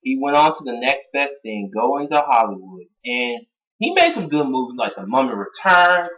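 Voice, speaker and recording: A young man from Atlanta giving excited, casual fan commentary, often laughing as he retells moments. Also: medium pitch, normal speed, poor audio. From Atlanta, United States. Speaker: wrestling fan vlogger.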